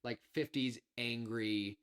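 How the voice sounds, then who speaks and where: A man co-hosting a podcast, chatting casually and pitching a film idea, rambling with lots of fillers and self-corrections, a little nervous. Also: steady tone, takes it slowly, a bit bright, smooth. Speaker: podcast co-host.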